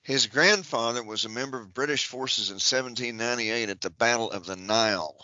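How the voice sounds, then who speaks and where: A man's voice: mid-range voice, a little fast, sharp tone, dry recording, muffled recording. A man on a podcast reading out a long list of titles and offices, breaking it up with dry joking asides. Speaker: podcast guest.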